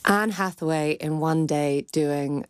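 A woman's voice: sits low, slow pace, smooth, no room sound, clean studio sound. A woman film critic giving candid, chatty opinions in a radio discussion. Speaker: film critic, cultural commentator.

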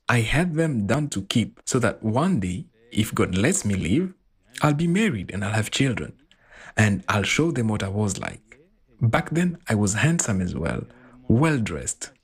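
A man voicing a translated interview, telling his story in an animated way. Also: mid-range voice, slightly rough. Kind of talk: voiced-over translation.

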